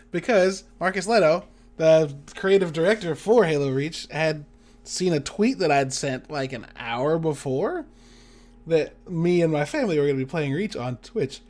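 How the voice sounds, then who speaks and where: A tired man chatting casually, telling a story and acting out quotes with big jumps in pitch. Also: lively intonation, normal speed, darkish tone. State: tired, yawning.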